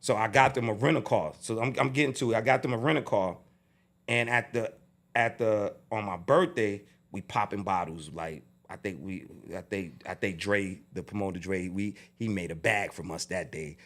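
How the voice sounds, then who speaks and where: Gravelly New York man telling a story. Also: normal speed. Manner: animated, swings from low mutters to loud outbursts, frequent restarts. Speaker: interview guest. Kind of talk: casual storytelling.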